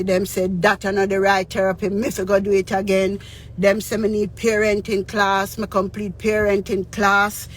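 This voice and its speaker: A woman's voice: medium pitch, a bit bright. A woman with a Jamaican accent tells a personal story earnestly. She mixes Patois with English and keeps checking in with the listener. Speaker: radio DJ and spiritual advisor.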